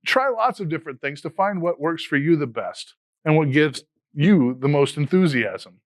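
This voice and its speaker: A fifty-something educator who also hosts a podcast speaks with a highish voice and lively intonation, with no room sound. He reads a scripted, motivational talk to fellow teachers, earnest and measured throughout.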